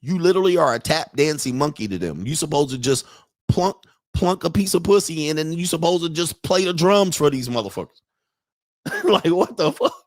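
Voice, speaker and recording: A man's voice: fairly high pitch, very animated, normal speed, no echo, studio quality. A man hosting a livestream, giving a profane, mocking rant and often laughing at his own points. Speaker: host of a dating and lifestyle livestream.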